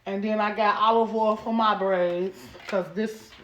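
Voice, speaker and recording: A woman vlogging at home as a mom, chatting casually to the camera in a playful, animated way and calling her viewers baby and girl. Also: mid-range voice, measured pace, lo-fi sound. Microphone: camera set up on a stand. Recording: roomy echo.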